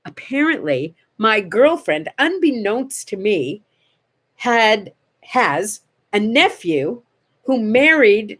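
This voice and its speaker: An older woman hosting a casual morning chat, telling stories in an animated way and acting out the voices in them. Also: mid-range voice. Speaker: host.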